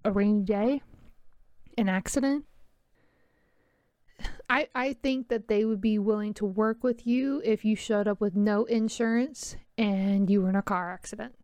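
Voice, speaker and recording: A woman's voice: mid-range voice, measured pace, pauses often, darkish tone, no echo. A tired woman venting in a casual rambling monologue, exasperated and wryly mocking herself. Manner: exasperated, venting with wry self-mocking laughs. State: tired and itchy. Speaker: mother talking to camera.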